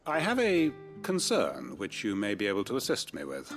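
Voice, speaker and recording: An actor playing a courteous, formal male village leader in a video game, speaking in measured, polished sentences. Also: lowish voice, wildly swooping pitch, faint music behind. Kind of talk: game dialogue.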